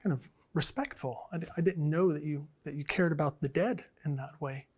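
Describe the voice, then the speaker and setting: A man voicing a surprised, earnest male golfing buddy in a joke, speaking haltingly. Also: a little high, a little mellow, husky.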